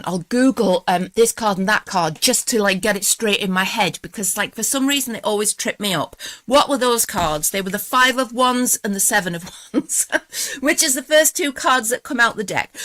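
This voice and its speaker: A woman's voice: a little high, fairly bright tone, no echo. A woman with a Geordie accent hosting a live tarot stream, chatting in a rambling, self-deprecating way and laughing often, wired on coffee. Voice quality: quick, clipped voice. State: buzzing on coffee after feeling unwell. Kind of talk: casual live-stream chat.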